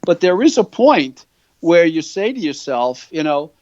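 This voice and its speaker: A man's voice: fairly high pitch, sing-song, unhurried, darkish tone, no echo. An older man, the guest of an interview, telling a long rambling story and often checking in with "right?" and "you know". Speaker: guitar company founder, interview guest. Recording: dull, dry lo-fi sound.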